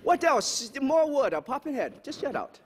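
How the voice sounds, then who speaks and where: A man's voice: extremely high pitch, very animated, moderate pace, voice pushed up. A man putting on a mock Japanese accent as a teasing lecturer speaking broken English to an audience in a lecture hall. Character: comic broken-English male lecturer persona, cheeky. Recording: echoey hall, faint background noise.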